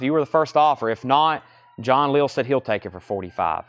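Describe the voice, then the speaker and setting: A man's voice: mid-range voice, lively intonation, moderate pace, a bit bright. A man running a live record sale, rattling off titles and prices with chatty asides. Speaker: record seller. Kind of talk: live sale stream, casual selling.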